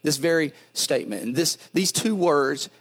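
A middle-aged man pastor preaching a sermon, animated, often repeating and restarting words, with dad jokes. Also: on the high side, normal speed, slightly rough.

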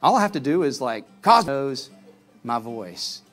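Earnest man preaching over soft guitar. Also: mid-range voice, very animated, normal speed. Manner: earnest, swings from loud calls to soft pleading. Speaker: pastor. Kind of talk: sermon.

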